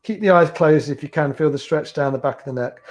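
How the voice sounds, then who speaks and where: A man leading a beginners yoga class with gentle, encouraging step-by-step cues, teaching from a small room at home. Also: fairly high pitch, a little fast. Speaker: yoga instructor.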